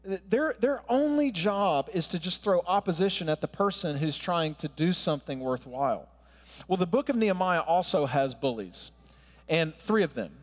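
A man in his thirties delivers a sermon in a conversational, wry way with asides to the listeners. His voice sits a little high for a man, and a long hall reverb trails every phrase. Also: lively intonation, normal speed. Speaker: pastor.

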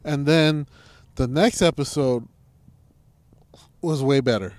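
A man's voice: medium pitch, slow pace, a little mellow. Crude sarcastic young man ranting. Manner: crude, sarcastic, mocking, does silly impressions. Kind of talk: casual profane chat.

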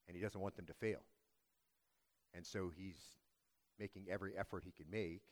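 A man preaching a sermon as pastor, telling a story in a measured, earnest way. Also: low voice.

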